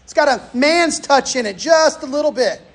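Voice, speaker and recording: A man preaching a sermon, telling personal stories in a folksy, animated way. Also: very high voice, normal speed. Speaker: pastor.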